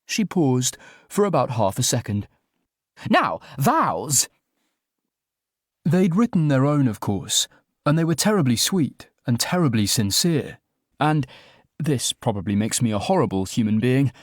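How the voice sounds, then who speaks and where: A man's voice: medium pitch, expressive, moderate pace, no room sound, studio quality. A man reading a romantic comedy audiobook in the first person, with wry, self-deprecating comic timing. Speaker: audiobook narrator. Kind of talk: first-person scripted narration.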